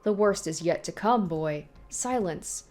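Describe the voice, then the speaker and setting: A woman's voice: lowish voice, animated, darkish tone, faint music behind. A woman reading a visual novel aloud, voicing the taunting ghost of a cruel old tyrant. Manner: sneering, taunting, slow and menacing.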